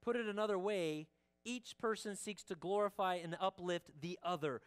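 Pastor giving a sermon in church, slow and emphatic, keeps asking the congregation questions. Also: clean tone. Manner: slow and emphatic, drops the voice low at phrase ends; asks the congregation direct questions.

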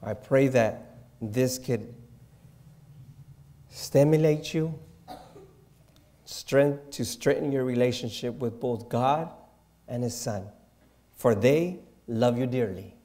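Slow, mellow-voiced man preaching. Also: medium pitch. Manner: slow, reverent delivery with soft hushed asides. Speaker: pastor. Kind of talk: sermon.

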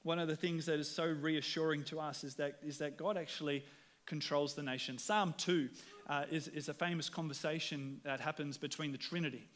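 A man's voice: on the high side, steady tone, fairly quick, a bit bright. A man with an Australian accent, preaching a sermon as pastor in an earnest, conversational way, often repeating words as he starts sentences. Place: church.

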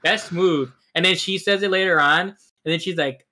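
Bright-voiced man, rambling film chat. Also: high-pitched, normal speed. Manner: rambling, hedging with likes. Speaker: podcast co-host. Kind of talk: casual film review chat.

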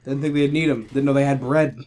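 A man's voice: medium pitch, steady tone, fast talker, a little mellow. A young man chatting casually over a video game, making dry, teasing jokes. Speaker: gamer. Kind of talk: casual gaming chat.

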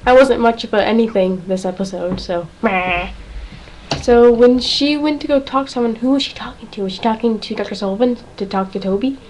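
Excitable high-voiced teen girl vlogger. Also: fast talker, few pauses, slight background noise, low-quality recording. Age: teens. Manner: rambling, excitable, heavy on "like". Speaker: fan vlogger. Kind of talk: casual reaction vlog.

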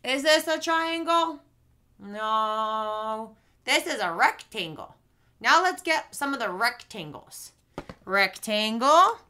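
A young woman teaching small children speech sounds through play, with slow, sing-song, exaggerated talk. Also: on the high side, animated, bright, forceful tone, clear, resonant tone. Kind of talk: playful lesson for young kids. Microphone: camera in front, leaning close at times.

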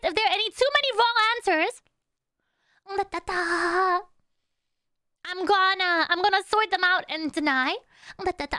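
A woman's voice: very high-pitched, sharp tone, no echo, studio quality. A woman streamer chatting casually and playfully with her audience, humming little tunes between thoughts and teasing her chat.

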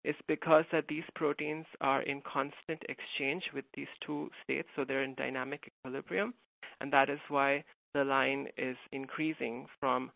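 A man's voice: medium pitch, level tone, normal speed, creaky, no room sound. A male graduate student answering audience questions in a hesitant way, with many fillers. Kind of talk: live Q&A answers. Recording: tinny phone-like line, dry.

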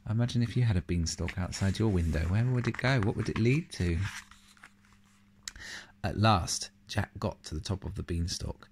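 A man reading a picture book aloud to a child, adding questions and comments between the pages, and speaking softly and tenderly at the end. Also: low-pitched, normal speed, slight background noise. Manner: animated reading with asides and questions to the listener; soft and tender in closing words. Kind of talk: storybook read-aloud to a child.

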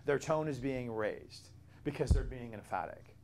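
A man leads a Bible study, explaining with steady emphasis and taking questions from his students. His voice sits at an ordinary middle pitch. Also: a little slow, a little hiss or hum. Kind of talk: classroom Bible teaching.

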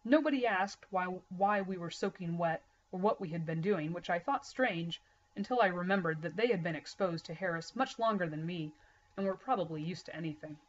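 Low-voiced woman reading a story aloud. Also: fairly quick, highs cut off. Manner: steady, plain narration with small slips. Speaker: reader.

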